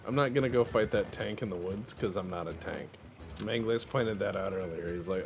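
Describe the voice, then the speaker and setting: A man's voice: fairly low pitch, moderate pace, soft background music. A man joking and riffing with friends in a casual gaming voice chat. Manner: laughing, jokey, lively riffing. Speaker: gamer in group voice chat. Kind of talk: casual banter.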